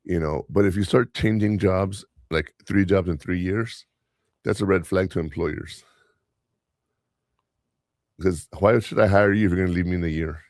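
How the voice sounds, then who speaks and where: This man hosts a podcast and tells workplace stories casually, rambling with frequent fillers and restarts. His low voice moves at a moderate pace and pauses often. The audio is studio quality without echo.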